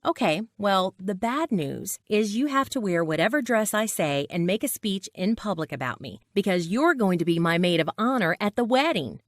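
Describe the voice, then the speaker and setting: A woman's voice: medium pitch, animated, normal speed, few pauses, dry recording, clean studio sound, natural voice. A woman voicing her emotional young friend in a read-aloud story. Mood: excited. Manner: emotional, pleading.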